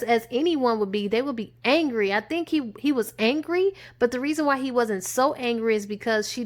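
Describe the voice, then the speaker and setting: A woman casually retelling a film's plot, acting out the characters' lines in quick quoted bursts. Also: medium pitch, a bit bright. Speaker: movie reviewer. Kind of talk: casual spoken movie recap.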